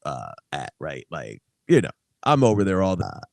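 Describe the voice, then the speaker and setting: A man's voice: low-pitched, wildly swooping pitch, moderate pace, vocal fry, dry recording. A young adult man, a guest musician, telling stories in casual chat, laughing often and swearing freely.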